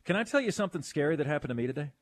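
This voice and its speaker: Radio host guy, talks fast when he gets going, gets loud and high when he protests, reads out texts. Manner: animated, quick to protest, reads listener texts aloud. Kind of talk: casual sports radio chat.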